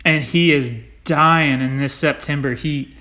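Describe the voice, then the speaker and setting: A man tells a story in a lively, casual way, laughing and throwing in mild swear words. His voice sits a bit high and sounds bright and forward. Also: a little slow. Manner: animated, swears lightly, laughs while telling stories. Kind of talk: casual chat.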